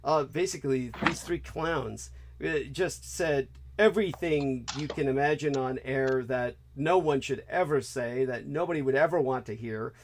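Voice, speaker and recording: A man hosting an online talk show, chatting in a loose, rambling way. His voice sits at an ordinary middle pitch. He stops and restarts often and fills gaps with "uh" and "you know". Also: normal speed, a little hiss or hum. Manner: rambling, many fillers and restarts. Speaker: host. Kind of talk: casual talk-show chat.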